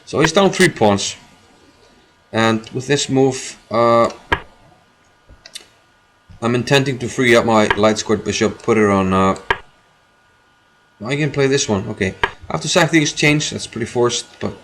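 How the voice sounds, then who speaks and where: A man streaming his own chess game, commenting live as he thinks aloud, repeating phrases and filling pauses. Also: mid-range voice, animated, background noise.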